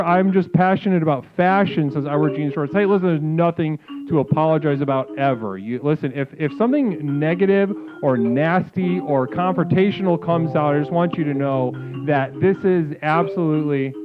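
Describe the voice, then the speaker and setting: A man hosting a comedic live call-in stream, reading chat aloud in a mock-spiritual, swearing manner. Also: on the high side. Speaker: livestream host. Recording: phone-like lo-fi sound with music behind.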